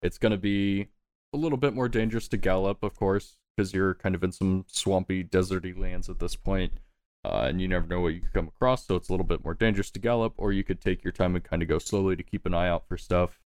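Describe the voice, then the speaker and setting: Relaxed male game master describing scenes, low voice. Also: fast, no room sound, studio quality.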